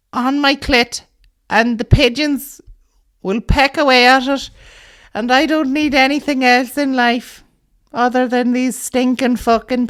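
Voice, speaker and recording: A man voicing a heartbroken Irish woman who has become a pigeon-feeding hermit in a park, wailing slowly and melodramatically in a shrill falsetto. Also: fairly bright tone, clear, resonant tone, heavily acted.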